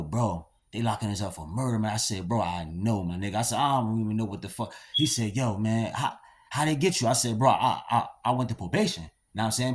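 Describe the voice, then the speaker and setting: A young man telling a story casually, slangy and profane, rambling with lots of fillers. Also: lowish voice. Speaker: storyteller recounting his past.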